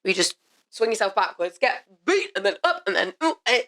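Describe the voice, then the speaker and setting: A woman's voice: medium pitch, sing-song, a bit bright. Young woman cohost, bubbly and jokey, casual podcast chat. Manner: bubbly, jokey, quick asides. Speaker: podcast co-host.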